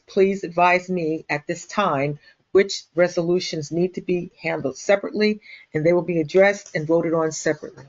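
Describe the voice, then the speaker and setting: Hoarse woman chairing a meeting. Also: lowish voice. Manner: formal, reads procedure aloud. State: losing her voice, clearing throat. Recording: dull lo-fi meeting audio.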